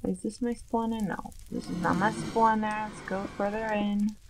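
A woman's voice: mid-range voice, steady tone, moderate pace, vocal fry, over music, rough recording. A woman giving casual gameplay commentary, chatty and nervous, often questioning herself aloud. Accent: Long Island put-on at times. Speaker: let's play gamer.

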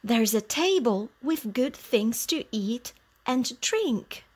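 A woman's voice: on the high side, expressive, slow pace. A woman voicing a kind, friendly old male donkey in a children's storybook reading.

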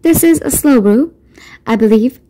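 Woman doing a fairy aunt, mischievous, breezy, matter-of-fact, warm tone. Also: on the high side, animated, normal speed, voice pushed up, natural voice. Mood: musing.

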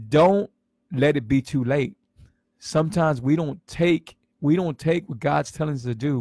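A man in his forties, a vlogger, shares his health story on a casual livestream in a fairly high-pitched voice with a darkish tone. The recording is dry and studio quality. He's earnest and emotional, repeating himself and stumbling over his words.

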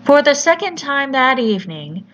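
A woman narrating a horror story in a measured, deliberate storytelling manner. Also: high-pitched, very animated, a bit bright. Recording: slightly muffled with faint hiss.

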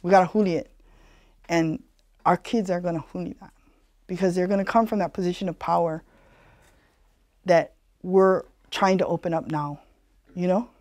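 A woman's voice: fairly low pitch, a little mellow, no echo, clean studio sound. A woman from Hawaii with a Hawaiian Pidgin-tinged accent gives a community talk in an earnest, conversational way. She tells stories and keeps checking in with "you know.". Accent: Hawaiian Pidgin-tinged English. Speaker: speaker giving a community presentation.

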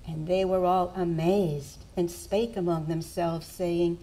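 Female scripture reader, mellow tone, unhurried, faint hiss. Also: lowish voice, fairly even intonation, rough recording. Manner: slow, measured reading with voiced quotes. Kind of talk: reading scripture aloud in church.

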